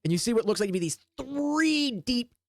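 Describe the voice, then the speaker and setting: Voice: mid-range voice, expressive, moderate pace, no room sound, clean studio sound. A game master narrating a tabletop game in a casual, rambling way full of fillers.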